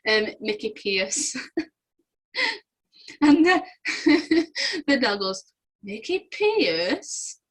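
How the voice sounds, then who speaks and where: A woman's voice: fairly high pitch, a bit bright, rough recording. A young woman, chatting casually as she goes through quiz answers and laughing often. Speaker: quiz host.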